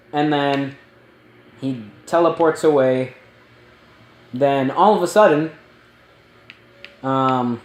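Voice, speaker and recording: A man giving a casual spoiler movie review, rambling and excitable, with lots of ums and likes. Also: medium pitch. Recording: roomy echo.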